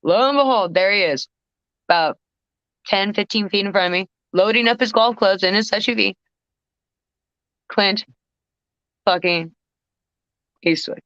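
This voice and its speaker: A woman who is a guest vocalist, telling a story on a casual podcast in an animated way, with swearing and frequent restarts. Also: medium pitch, a little fast, no room sound, dull audio. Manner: animated, swearing, self-interrupting.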